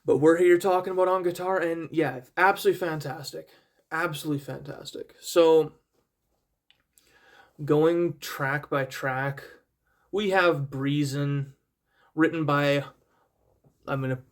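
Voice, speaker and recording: A man's voice: on the high side, fairly even intonation, measured pace, long pauses. A young man casually reviewing an album, rambling and self-deprecating, with many fillers and restarts and repeated praise. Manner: enthusiastic, repeats praise words.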